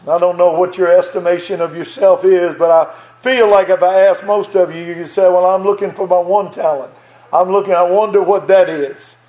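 A man's voice: high-pitched, a little mellow. A man preaching a sermon from the pulpit of a small church, earnestly quoting scripture in old-style wording. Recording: echoey church room.

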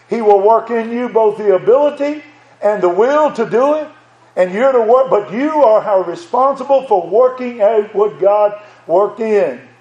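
A man's voice: high voice, darkish tone, echoey room, muffled recording. An older man preaching a sermon, earnest and repeating words, reading scripture aloud.

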